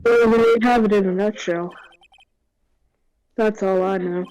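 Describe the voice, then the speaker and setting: A woman's voice: mid-range voice, steady tone, a little slow, a little mellow, smooth, close to an everyday voice, low-quality recording. A woman voicing a bumbling, good-natured male detective in a funny put-on voice for a game fan dub. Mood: explaining.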